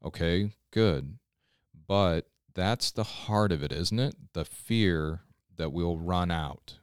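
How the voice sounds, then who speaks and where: A man's voice: sits low, slow pace, clear, resonant tone, no room sound, studio quality. A man, a pastor, giving an earnest, conversational scripture devotional on a podcast and often checking in with listeners.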